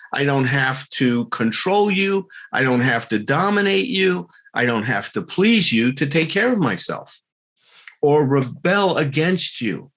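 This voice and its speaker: Here a man with a fairly bright voice on the high side addresses a recovery group. His talk is earnest, with occasional self-directed laughter and small arguments he plays out by voicing each side.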